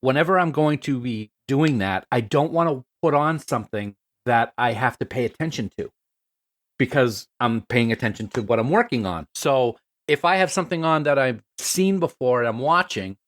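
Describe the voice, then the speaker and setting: A middle-aged man in casual podcast chat, playful and quick to laugh. His pitch jumps around a lot as he talks, at an ordinary middle height. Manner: laughs often, animated and playful. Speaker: podcast co-host.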